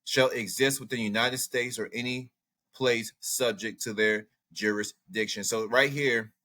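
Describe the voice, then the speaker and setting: Bright-voiced outspoken man commenting. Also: medium pitch, measured pace. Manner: animated, outspoken, thinks aloud while browsing maps and texts. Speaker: commentary channel host. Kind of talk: casual reaction commentary.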